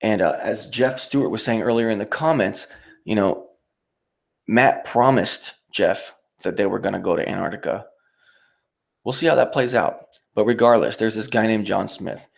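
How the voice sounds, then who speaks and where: A man's voice: on the low side, a little slow, creaky. A man hosting his own livestream, ranting in a profane, mocking, rambling way. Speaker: YouTube livestreamer. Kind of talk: casual livestream rant.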